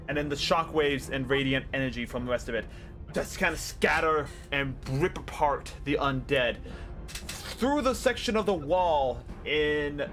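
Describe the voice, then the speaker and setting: A man's voice: mid-range voice, a bit bright. A man running a tabletop game as game master, narrating casually and joking at his own expense with mild swearing.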